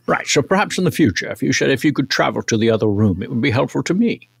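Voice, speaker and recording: Improv performer: man, mid pitch, gravelly, dry close sound, deadpan. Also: fast, no echo. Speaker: comedy improviser. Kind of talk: improv comedy sketch.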